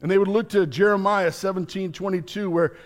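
A man's voice: high voice, fairly even intonation, a little fast. A man, a pastor, preaching a sermon in an earnest, explanatory teaching manner with light chuckles.

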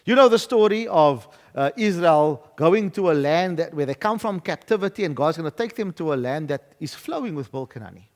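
High, lively preaching man in a hall. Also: fairly quick, hardly any pauses. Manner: emphatic preaching, building to loud declarations. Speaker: pastor. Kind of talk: sermon. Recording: long hall reverb.

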